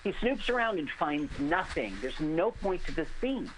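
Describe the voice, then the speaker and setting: A man's voice: on the high side, moderate pace, noisy background. A man on a community radio show, chatting casually as he retells a movie's scenes and riffs on them. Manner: animated, retells scenes in quoted voices. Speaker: radio co-host. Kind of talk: casual movie riffing chat.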